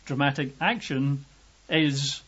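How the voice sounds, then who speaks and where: Husky British man preaching a sermon. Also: takes it slowly. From Britain. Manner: lively emphatic, acts out quotes with raised pitch. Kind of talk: sermon teaching. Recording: dull lo-fi recording.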